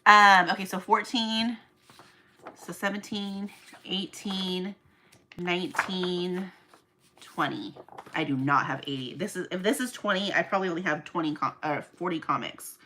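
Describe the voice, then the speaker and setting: A woman chatting casually to viewers while she packs orders, self-mocking and counting items out loud. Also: fairly low pitch, measured pace, slight background noise. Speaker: small online shop owner. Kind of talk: casual vlog chat to viewers.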